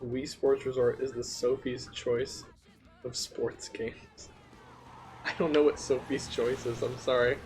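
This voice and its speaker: A man's voice: mid-range voice, unhurried, faint music behind. A man hosting a live gameplay stream, chatting casually and laughing often while he plays. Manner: giggly, excitable, talks to chat. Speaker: streamer host.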